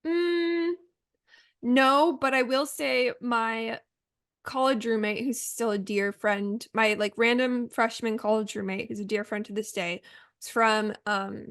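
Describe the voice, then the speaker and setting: A woman's voice: a little high, steady tone, fairly bright tone, no echo, clean studio sound. A young adult woman from Oregon, co-hosting a podcast in casual chat with a chatty, upbeat manner. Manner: chatty, upbeat, quick asides. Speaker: podcast co-host.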